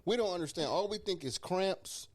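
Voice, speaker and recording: A man's voice: high voice, normal speed. A man co-hosting a podcast in casual chat, joking and asking curious questions. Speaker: podcast co-host.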